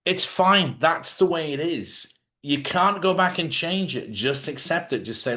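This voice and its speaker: A man's voice: a little high, animated, measured pace, sharp tone. A man hosting a live advice talk, speaking bluntly and swearing freely as he urges people to forgive and let go. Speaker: host. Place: lives in Spain.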